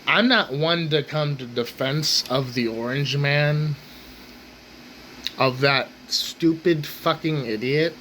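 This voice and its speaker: A man's voice: fairly high pitch, slow, bright, forceful tone, a little hiss or hum, rough recording. A man hosting his own rant channel, talking bluntly and swearing constantly in an angry rant.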